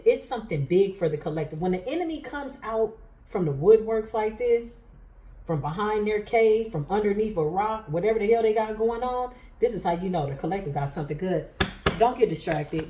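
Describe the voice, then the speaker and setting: A woman's voice: medium pitch, mellow, roomy sound. A woman giving a casual tarot reading on a livestream. She chats to her viewers, laughs often and throws in sassy asides. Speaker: tarot reader.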